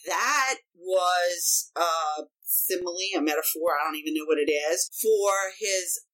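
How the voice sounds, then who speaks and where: A woman's voice: on the low side, unhurried, a bit bright, poor audio. A woman co-hosting a casual chat, playful and talkative, with many fillers. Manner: chatty and playful, uses many fillers, laughs readily.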